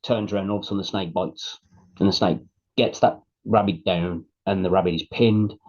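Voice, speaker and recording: Late-30s male co-host, casual storyteller, lowish voice, dull lo-fi recording. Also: steady tone, a little fast, a little mellow. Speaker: podcast co-host. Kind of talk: casual chat.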